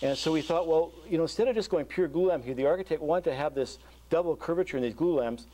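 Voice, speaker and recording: A man, a structural engineer, giving a university lecture over slides, talking in a halting way with many fillers and restarts. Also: fairly high pitch, mellow. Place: lecture hall.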